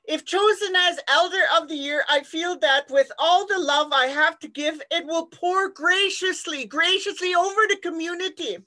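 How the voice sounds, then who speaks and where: A woman's voice: extremely high pitch, moderate pace, few pauses, bright, forceful tone. A woman voicing a dramatic, overly emotional elderly woman with a theatrical, gushing delivery, heard from a distance on lo-fi call audio.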